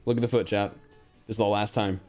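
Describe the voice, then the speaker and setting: A man's voice: fairly low pitch, fairly even intonation, quick pace, a little mellow, soft background music. A young man streaming casually, reacting bluntly to a quiz with frequent swearing and reading out chat.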